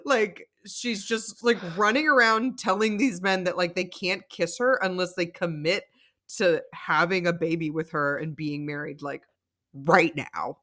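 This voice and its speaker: This podcast co-host has a fairly low voice and an unhurried delivery as she recaps reality TV. She's animated and chatty, laughs a lot, and drops "like" all the time.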